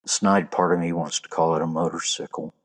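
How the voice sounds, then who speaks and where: A man's voice: deep voice, fairly even intonation, a little fast, breathy edge. A man hosting a solo podcast, sharing trivia and jokes in a folksy, casual way. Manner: folksy, joking delivery with trivia. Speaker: podcast host.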